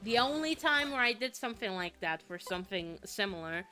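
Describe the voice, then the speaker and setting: A young woman from Finland chatting away on a gaming stream at a mid pitch, rambling through fillers and the odd swear word. She sounds a little sniffly. Faint game music plays behind her on a close desk mic. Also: expressive, fairly quick, bright, forceful tone. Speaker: vtuber streamer. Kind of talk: casual gaming stream chat.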